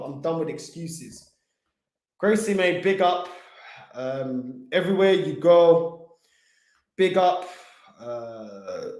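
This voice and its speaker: A man hosting a football fan channel, delivering a heated livestream rant full of street slang. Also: sits high. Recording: echoey room.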